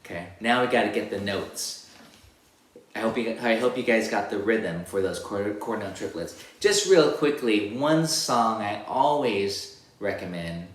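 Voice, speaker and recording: Low-voiced man teaching guitar, singing rhythms. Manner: sings rhythms as syllables while demonstrating on guitar; relaxed, rambling explanations with restarts. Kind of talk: casual music lesson. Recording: roomy room with loud guitar playing.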